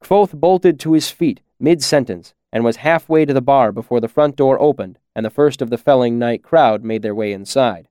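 A man reading an audiobook in a measured storytelling manner. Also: medium pitch, dark tone, smooth, no echo, studio quality. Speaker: audiobook narrator. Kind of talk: audiobook narration.

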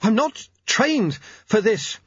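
Young male apprentice, scared and straining, played by a man; high, husky voice. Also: sing-song, fairly quick, no room sound, muffled recording, exaggerated voice. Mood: panicked. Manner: strained, panicky shouting.

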